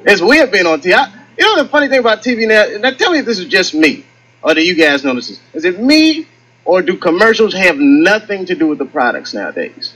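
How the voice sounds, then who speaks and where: A man doing a stand-up comedy set on stage, telling stories with lively acted-out quotes. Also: high voice, a little fast, a little hiss or hum, poor audio. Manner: animated storytelling with acted-out quotes. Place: comedy stage with live audience.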